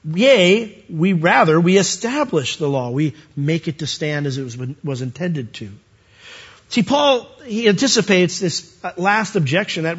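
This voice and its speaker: A man preaching a sermon, animated and rising to high emphatic peaks as he quotes scripture. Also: unhurried, breathy edge, muffled recording.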